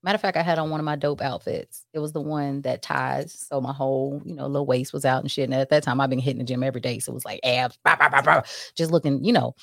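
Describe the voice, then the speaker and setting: Fast talking woman on a chat show, animated and cussing, dry mic. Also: extremely low pitch, gravelly, no echo. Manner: animated, profane, acts out quotes. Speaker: co-host. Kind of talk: casual storytelling chat.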